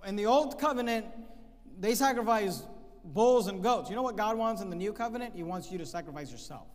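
A man preaching a sermon, emphatic, reading scripture slowly and repeating key phrases. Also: high voice, animated. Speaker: pastor. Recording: long hall reverb.

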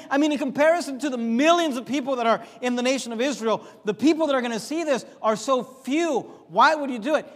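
A man preaching a sermon as pastor, emphatic, with sharp rises and drops in his voice for effect. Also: extremely high pitch, long reverb tail.

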